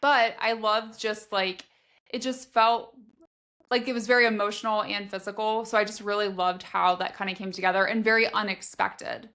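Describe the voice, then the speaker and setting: A woman's voice: mid-range voice, fairly even intonation, moderate pace, fairly bright tone. A woman co-hosting a book podcast, chatting casually and enthusiastically with lots of fillers. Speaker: podcast co-host.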